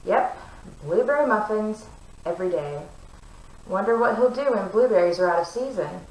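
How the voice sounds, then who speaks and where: A woman's voice: mid-range voice, expressive, normal speed, a little mellow, roomy sound, lightly acted, poor audio. A woman reading a storybook and voicing a handsome young man who works in a bakery, speaking dryly and teasingly. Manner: dry, teasing.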